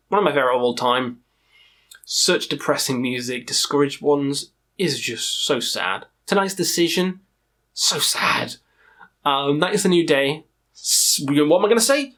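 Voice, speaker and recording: A hoarse, swearing metal fan. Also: male voice, fairly high pitch, a bit bright. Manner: profane, enthusiastic, rambling. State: tired, strained throat. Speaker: metal music reviewer. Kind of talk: casual ranking vlog.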